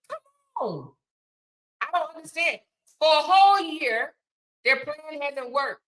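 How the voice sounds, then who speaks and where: A woman hosting a casual livestream, speaking in a bright, forceful voice set a little high. She hammers her points home by repeating them, then turns to thanking viewers one by one. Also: very animated, a little fast. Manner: emphatic, repeats phrases, preachy then affectionate. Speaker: livestream host. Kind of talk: casual livestream chat reading super chats.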